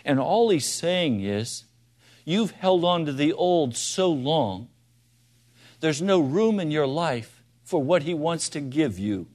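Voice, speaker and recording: This preacher's fairly high voice swings widely in pitch as he slowly delivers his sermon. He asks listeners pointed questions and moves from quiet, soft remarks to loud, emphatic pleas.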